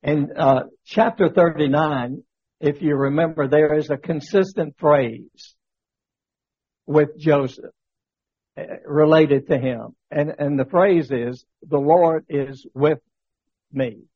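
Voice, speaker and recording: A man's voice: a little high, takes it slowly, breathy edge, no room sound, dull audio. A man teaching a church Bible study lesson, talking conversationally with many fillers and rhetorical questions, telling a story. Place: church classroom.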